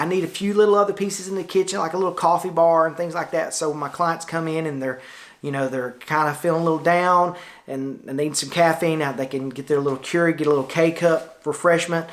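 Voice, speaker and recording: A middle-aged man with a Tennessee Southern drawl, his voice sitting a little higher than most men's. He rambles in a folksy, easygoing way, full of little fillers, like a casual vlog. He is recorded indoors in his studio lounge on a camera-mounted shotgun mic. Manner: folksy, chatty, loose with many fillers. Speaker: photographer vlogger.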